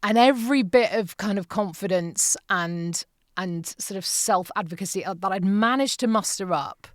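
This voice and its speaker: A woman's voice: medium pitch, moderate pace, dry recording, studio quality. A British woman around fifty, a broadcaster guesting on a podcast, telling stories animatedly and acting out the voices she quotes. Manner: animated storyteller who acts out quoted voices. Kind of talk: casual interview chat.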